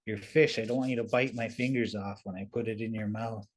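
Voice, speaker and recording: A man voicing Eagle, a watchful, wise bird who answers calmly and agreeably. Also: lowish voice, fairly quick, close to an everyday voice. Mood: knowing. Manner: calm, agreeable, quietly knowing.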